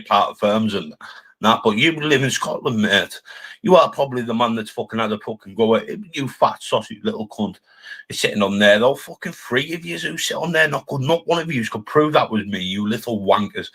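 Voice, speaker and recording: A man's voice: medium pitch, fairly bright tone. A man with a Cumbrian accent ranting on a live stream, swearing constantly and hurling mocking insults at other streamers. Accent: Cumbrian English. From Cumbria, England. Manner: angry, profane, insulting; mocking, jeering.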